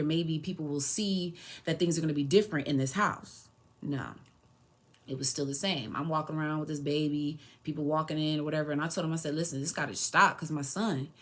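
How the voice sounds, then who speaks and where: A young woman in her twenties with a low, full voice tells a personal story on her podcast. She speaks casually and with feeling, and acts out the lines of the people she is quoting. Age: 20s. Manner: emotional, animated retelling with quoted dialogue. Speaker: podcast host.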